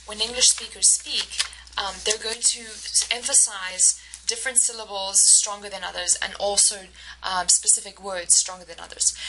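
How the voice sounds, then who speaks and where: A woman instructor giving a recorded lecture, explaining step by step and often pausing to search for words. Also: medium pitch, bright, forceful tone, a little hiss or hum, rough recording. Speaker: university instructor.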